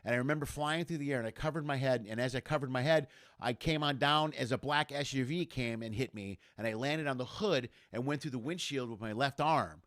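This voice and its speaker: A middle-aged man in casual chat, telling a story in an animated way and acting out the voices of the people in it. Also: mid-range voice, a little fast, dry recording, clean studio sound. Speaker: comedian guest.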